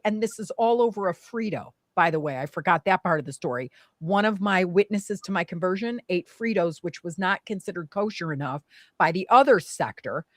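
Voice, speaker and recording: A young adult woman telling a painful personal story in conversation, emotional and animated, with many fillers. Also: on the low side, brisk, no echo, studio quality. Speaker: guest.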